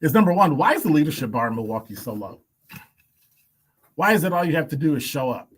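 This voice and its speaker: A man's voice: fairly high pitch, very animated, quick pace, slightly rough. A male radio host giving blunt opinion commentary, emphatic and wry, stacking up rhetorical questions. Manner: blunt, wry asides and chuckles.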